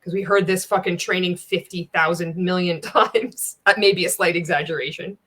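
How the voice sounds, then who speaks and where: A woman's voice: on the low side, fairly even intonation, normal speed, a bit bright, husky. Sarcastic woman reacting to a video. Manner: sarcastic, exasperated, swears. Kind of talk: casual commentary on a training video.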